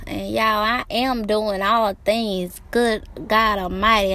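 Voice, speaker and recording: Slow, gravelly-voiced woman preaching to herself. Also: mid-range voice, steady tone, sharp tone, slight background noise. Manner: emphatic, repetitive, preachy. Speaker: vlogger. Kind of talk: motivational self-talk. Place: outdoors by the ocean.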